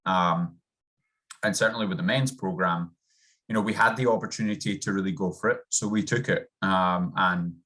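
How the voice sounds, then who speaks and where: A man's voice: low voice, fairly even intonation, moderate pace, bright, forceful tone. A man with a subtle Scottish accent, a rugby coach talking earnestly and upbeat as a guest over a video call. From Scotland. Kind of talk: interview guest.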